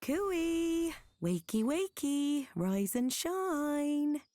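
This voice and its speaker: A fussing, affectionate mother from a fantasy video game, her sing-song voice soft and mellow, rising and falling in lively swoops. The voice sits a little high and is recorded dry and close. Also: drawn-out words, no echo, heavily acted. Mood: chirpy. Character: cheerful doting mother waking her teenage son. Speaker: game character voice.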